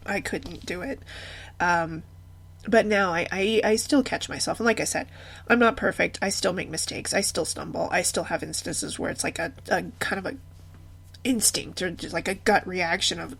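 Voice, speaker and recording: A woman in her thirties speaks candidly as a single-mom blogger, in a slightly husky, breathy voice at an ordinary pitch. She is frank and earnest, catching herself mid-sentence and laughing now and then. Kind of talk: candid personal talk.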